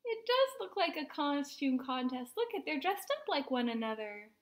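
Woman reading a kids' storybook, high bright voice that swoops up and down, sing-song and animated. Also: normal speed. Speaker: children's ministry teacher. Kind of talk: children's storybook read-aloud.

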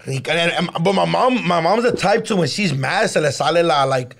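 A man with a gravelly voice that sits a little high. He co-hosts a podcast and tells stories in casual, slangy chat, mixing in Spanish phrases as he goes. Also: lively intonation, a little fast, a bit bright. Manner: loose, slangy storytelling, drops Spanish phrases. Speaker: podcast co-host. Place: podcast studio.

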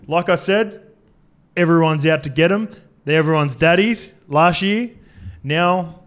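A former rugby league player co-hosts a relaxed podcast, recounting dressing-room stories and backing up his partner's points. His voice sits a little on the high side, and he talks in an easygoing, unscripted way with some swearing. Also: unhurried, clear, resonant tone. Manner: agreeable storyteller, frequent restarts and fillers, occasional swearing. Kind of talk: casual sports podcast chat.

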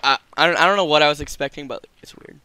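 A man's voice: on the high side, fast, heavy background noise. A man hosting a casual gaming session from home, exclaiming often and grumbling about lag. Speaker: host and gamer.

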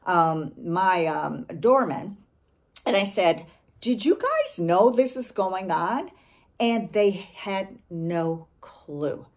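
A middle-aged woman from the Chicago area hosting a podcast, telling a story in a casual monologue with animated, indignant outbursts. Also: mid-range voice. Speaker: podcast host.

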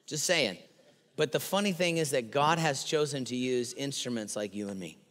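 A man preaching a sermon as pastor, animated and acting out quotes with playful voices. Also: mid-range voice, normal speed. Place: church sanctuary. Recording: long hall reverb.

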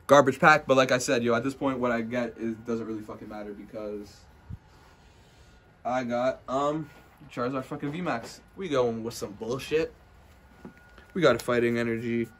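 A man's voice: medium pitch, moderate pace. Brash, foul-mouthed young man opening cards. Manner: profane, brash trash-talk; excitable, swings into loud hype. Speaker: card-opening vlogger. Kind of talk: casual unboxing commentary. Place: indoors at someone's house.

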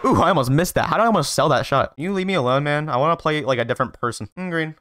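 A man giving casual gameplay commentary, trash-talking playfully with quick excited outbursts. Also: on the high side, no room sound, clean studio sound. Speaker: gaming video creator.

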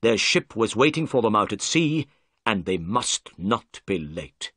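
A clever, confident detective from a storybook, voiced by a man in a brisk, assured tone. His pitch moves in lively swings, and the recording is dry with no room sound. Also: breathy edge, dry recording, full character voice.

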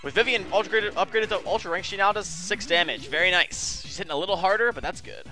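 A man's voice: high-pitched, fast, sharp tone, faint music behind. A man giving chatty video game commentary, often calling viewers his friends and apologizing for what he says. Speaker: let's play host.

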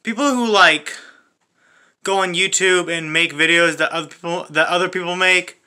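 A man's voice: sits high, moderate pace, bright, forceful tone, smooth. A man hosting a comedic video, ranting crudely with constant swearing and frequent restarts. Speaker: comedy channel host. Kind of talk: profane comedic rant.

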